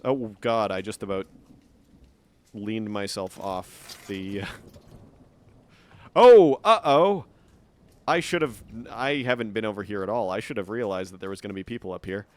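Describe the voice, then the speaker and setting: A man's voice: on the low side, steady tone, a little slow, long pauses. A man streaming live gameplay, chatting and muttering to himself with frequent swearing.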